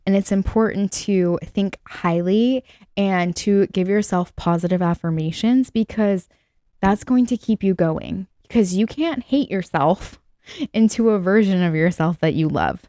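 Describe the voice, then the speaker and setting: A woman's voice: medium pitch, animated, a little slow, dark tone, no echo, studio quality. A young adult woman hosting her own podcast, giving a casual motivational talk and filling her speech with "like" and "you guys". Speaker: podcast host.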